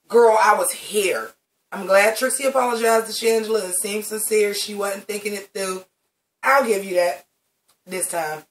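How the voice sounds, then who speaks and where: A woman reviewing a drag competition show in a casual vlog, talking sassy and slangy. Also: medium pitch. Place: home video setup by a green screen. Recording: roomy, mic at some distance.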